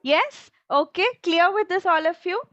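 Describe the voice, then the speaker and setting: A woman's voice: very high-pitched, normal speed, a bit bright, dry recording, highs cut off. A woman training teachers on a video call, patient and encouraging, often checking that everyone follows.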